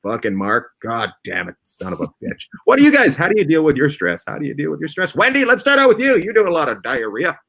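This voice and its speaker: A man hosting a casual comedy chat, loud and laughing, swearing often. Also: wildly swooping pitch, quick pace, creaky, few pauses. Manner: loud, laughing, swearing, big swings in pitch. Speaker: host.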